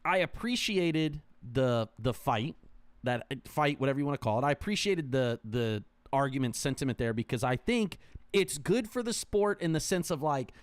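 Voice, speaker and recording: A man co-hosting a casual podcast, talking in an animated, rambling way with lots of restarts. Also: mid-range voice, moderate pace, dry recording. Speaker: co-host.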